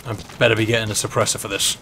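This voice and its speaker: A man's voice: on the low side, little pitch movement, racing, sharp tone, slight background noise. A man giving casual, joking live-stream commentary while he plays and chats to the game's characters. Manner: joking, chatty, talks to the game characters. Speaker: gaming streamer.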